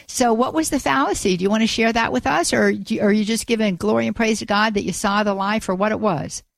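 A woman hosting a call-in radio show, praying aloud for a listener in an earnest, halting way and often repeating her words. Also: medium pitch, gravelly, no echo. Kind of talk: prayer and call-in radio talk.

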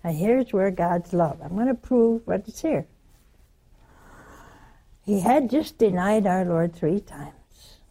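Slow, mellow-voiced Southern woman preaching. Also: mid-range voice. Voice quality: animated, storytelling, drops to hushed tones for quotes. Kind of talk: sermon.

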